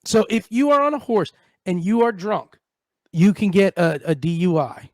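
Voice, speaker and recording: A man's voice: sits high, moderate pace, dry recording, studio quality. A man co-hosting a radio comedy show, chatting casually and acting out stories with voices. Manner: animated storyteller, acts out voices. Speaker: radio co-host. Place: radio studio.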